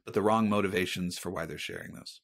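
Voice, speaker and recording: A man's voice: sits low, steady tone, quick pace, fairly bright tone. A middle-aged man speaking as a guest author in a podcast interview, earnest and reflective as he talks about faith.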